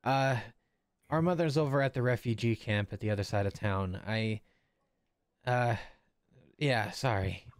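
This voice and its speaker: A man's voice: medium pitch, unhurried, pauses often, smooth, no room sound, studio quality, natural voice. A man doing a weary teenage older brother. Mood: exasperated. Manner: weary, apologetic.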